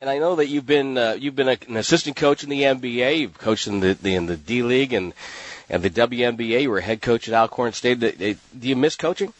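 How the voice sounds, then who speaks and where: Male podcast host, smooth broadcaster read, dry close sound, mid pitch. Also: a little fast, no room sound. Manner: polished broadcaster's delivery. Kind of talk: podcast hosting and interview.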